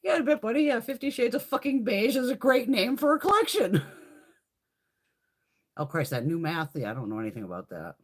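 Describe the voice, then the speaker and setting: This is a woman in middle age hosting a casual live stream. Her voice has a husky, breathy edge and leaps around in pitch as she tells stories. She swears freely and laughs often. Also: brisk. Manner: profane, animated storytelling with frequent laughs. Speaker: livestream host.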